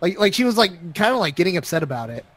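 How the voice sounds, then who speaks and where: A man's voice: sits high, big pitch swings, racing, no room sound. A young man co-hosting a casual chat, rambling through a story with many fillers. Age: young adult. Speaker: podcast co-host.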